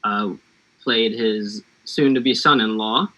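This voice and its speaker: Easygoing American man, very bright tone. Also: fairly low pitch, takes it slowly, poor audio. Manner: easygoing, giggly, gently guiding. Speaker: guest actor. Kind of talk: casual chat, leading a warm-up.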